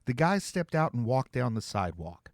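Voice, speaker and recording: A man reading his own novel aloud as an expressive storyteller. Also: medium pitch, moderate pace, no echo, clean studio sound. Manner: expressive storytelling, voicing several characters. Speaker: author and narrator. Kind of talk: scripted narration.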